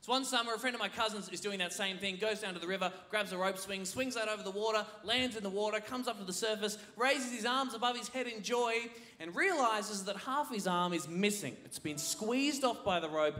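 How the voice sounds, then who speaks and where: A man doing a stand-up comedy set on a theatre stage, animated, dropping low to tell a story and shouting out the punchlines. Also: a little fast, few pauses. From Australia. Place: large theatre stage, laughing audience behind. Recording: live theatre recording with crowd.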